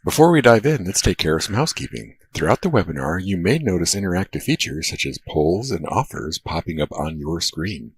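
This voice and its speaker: A man with a very low, slightly husky voice reads a scripted webinar introduction. His delivery is calm and smooth, like a steady announcer. The sound is dry and close. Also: no room sound.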